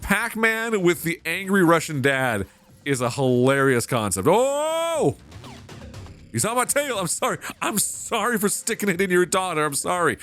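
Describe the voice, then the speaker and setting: A man giving casual, excitable gameplay commentary, swearing and laughing as he plays. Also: a little high. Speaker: let's play host.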